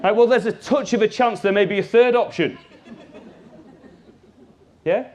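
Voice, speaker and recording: A man giving a live workshop talk as a business trainer, lively and jokey, speaking straight to his audience. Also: high voice, a little slow, some chatter behind.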